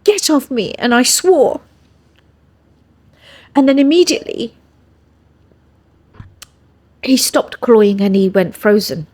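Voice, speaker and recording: A woman's voice: on the high side, expressive, takes it slowly, pauses often, a little mellow. A woman with an English accent, a podcast guest earnestly telling a personal story and often checking in with her listener. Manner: earnest, checks in with "yeah?" tags. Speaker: interview guest.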